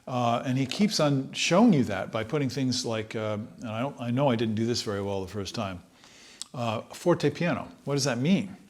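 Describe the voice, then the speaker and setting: A man teaching trumpet, talking in a relaxed, thoughtful way and sometimes singing short phrases to demonstrate. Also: medium pitch, moderate pace, slight background noise. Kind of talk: instructional talk.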